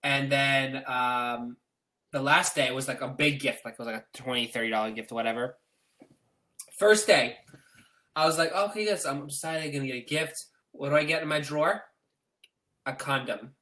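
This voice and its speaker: A man's voice: mid-range voice, steady tone, moderate pace, pauses often, pushed and bright. A man chatting as a podcast guest, telling rambling stories that are full of restarts and laughter. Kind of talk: casual chat.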